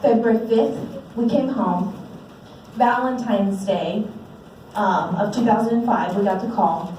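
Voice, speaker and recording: A woman's voice: medium pitch, measured pace, dark tone, slight background noise. A woman in her forties gives an earnest, heartfelt personal testimony to an audience at a fundraiser, speaking into a handheld microphone. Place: large event hall. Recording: very echoey hall, distant mic.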